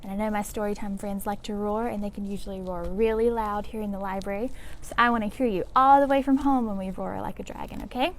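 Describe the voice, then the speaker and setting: A woman's voice: medium pitch, fairly even intonation, fast talker. A woman hosting a library storytime, leading children through movements in an upbeat, encouraging way.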